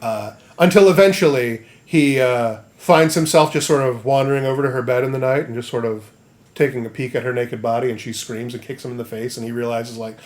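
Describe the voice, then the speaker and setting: A man's voice: medium pitch, fairly even intonation, fairly quick. A man hosting a comedy podcast, recapping a story in a rambling, profane way and acting out the characters. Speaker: podcast host.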